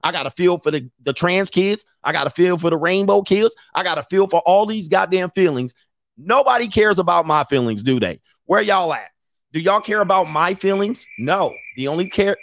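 A man's voice: on the high side, expressive, a little fast, no room sound, clean studio sound. Blunt, profane man ranting on a livestream. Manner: blunt and profane, laughs between points, repeats phrases. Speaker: life coach hosting a live stream. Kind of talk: casual livestream rant answering super chats.

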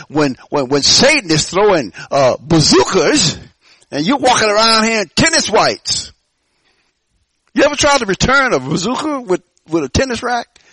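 A male pastor preaches to his church in a high-pitched voice. He leaps up into loud calls, then drops to near-quiet asides, often stumbling over repeated words. The sound is dry and close. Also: no room sound. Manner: preaching with sudden loud rises and soft drops; stammering restarts. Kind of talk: sermon.

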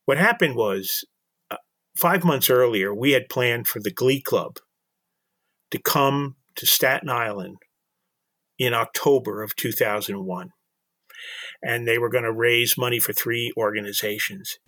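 A man's voice: mid-range voice, unhurried, pauses often, pushed and bright, no echo. An older man, telling a personal story earnestly as an interview guest, often repeating words as he goes. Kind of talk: storytelling in conversation.

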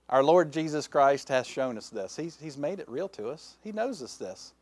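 Man preaching, folksy and lively, fairly high voice, dry sound. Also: moderate pace, hardly any pauses, dry recording. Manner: folksy and lively, with playful asides to the congregation. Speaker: pastor. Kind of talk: sermon. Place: church sanctuary.

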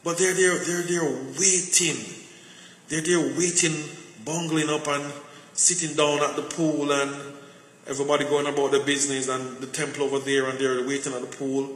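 A man's voice: on the high side, flat delivery, normal speed, fairly bright tone. A man preaching a conversational sermon full of personal stories, often repeating words as he searches for them. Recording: echoey hall with faint noise.

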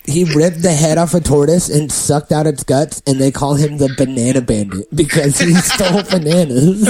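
A man's voice: a little high, slow pace, mellow. A man chatting casually with friends, telling a story with laughs and swearing, acting out the people he quotes. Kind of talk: casual comedic chat.

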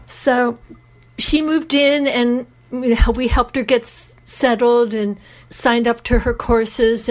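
A woman's voice: a little high, low-quality recording. A middle-aged woman, a radio show guest, telling heartfelt stories in an earnest, open way. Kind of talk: radio interview storytelling.

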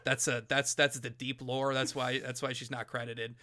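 A man's voice: mid-range voice, little pitch movement, normal speed, pushed and bright. A man co-hosting a podcast in casual chat, joking, laughing, and restarting his sentences often. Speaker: podcast co-host.

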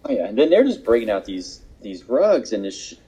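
A man's voice: on the low side, sing-song, a little fast, mellow, husky. A man casually telling a travel story with a friend on a podcast, wry and dry in delivery. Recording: dull lo-fi sound.

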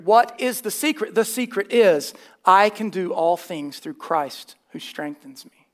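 A man's voice: high voice, moderate pace, fairly bright tone. A man preaching a sermon, emphatic and dryly scornful, mixing plain teaching with wry asides. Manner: emphatic, scornful of false teaching, dry humor.

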